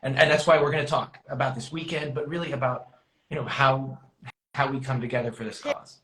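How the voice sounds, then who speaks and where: A man's voice: medium pitch, steady tone, brisk, fairly bright tone, reverberant, rough recording. A man being interviewed as a guest musician, earnest with stammering restarts. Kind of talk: casual interview.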